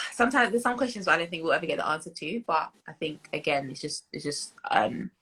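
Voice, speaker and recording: A young British woman in her twenties speaks as an interview guest, her voice low and a little husky. She talks thoughtfully and loosely, circling back with fillers and restarts. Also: animated, fairly quick, pushed and bright, low-quality recording. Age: 20s. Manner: reflective, many fillers and restarts, laughs as she tells stories. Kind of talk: interview conversation.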